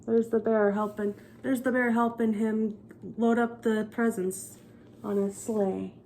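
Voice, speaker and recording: A young woman reading a storybook aloud in a relaxed way. She reads slowly and plainly, with a faint room ambience behind her. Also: fairly high pitch, slight background noise. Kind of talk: casual read-aloud narration.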